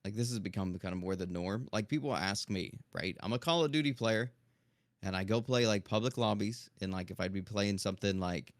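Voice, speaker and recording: A man talking casually on a podcast in a low, projecting chest voice, keeping a calm, even, near-monotone delivery. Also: fairly quick, no room sound, clean studio sound. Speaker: streamer guest. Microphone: dynamic studio microphone.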